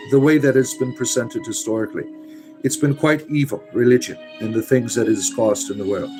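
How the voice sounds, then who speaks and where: A man's voice: mid-range voice, poor audio. A man hosting a live chat, answering viewers with emphatic preaching, a put-on theatrical storyteller's accent and many "uh" fillers. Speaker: livestream host answering chat.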